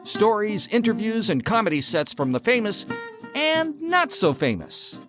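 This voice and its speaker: A woman announcing the show in a sing-song, drawn-out intro. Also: medium pitch, sing-song. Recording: intro over guitar music.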